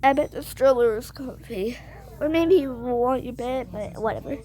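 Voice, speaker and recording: Soft-spoken woman hushing in role-play. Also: high voice, normal speed, a little hiss or hum. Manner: soothing, motherly hushing. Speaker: game role-play narrator. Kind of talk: casual game role-play.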